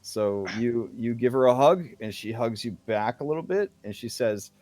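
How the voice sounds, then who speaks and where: A man's voice: medium pitch, animated, moderate pace, hardly any pauses, darkish tone, no echo. A man narrating as game master in a casual way, with many fillers.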